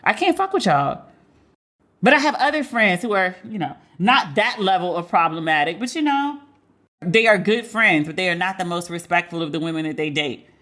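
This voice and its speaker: A middle-aged woman hosting a podcast, giving blunt, profane commentary and animated stories full of quoted dialogue. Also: fairly low pitch, a little fast. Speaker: podcast host. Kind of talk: candid solo commentary.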